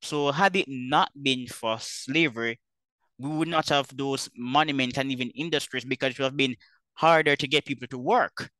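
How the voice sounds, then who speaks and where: A man hosting an interview, talking in a measured, deliberate way with occasional stumbles. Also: mid-range voice, pushed and bright, no echo. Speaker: interview host. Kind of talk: conversational interview.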